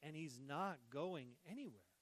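A man preaching a sermon as pastor, swinging between hushed tender lines and loud, joking bursts. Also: fairly high pitch, unhurried, poor audio. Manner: animated, shifts between hushed and loud, jokes.

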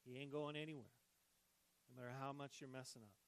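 A man preaching a sermon as pastor, swinging between hushed tender lines and loud, joking bursts. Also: mid-range voice, a little fast, gravelly, rough recording. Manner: animated, shifts between hushed and loud, jokes.

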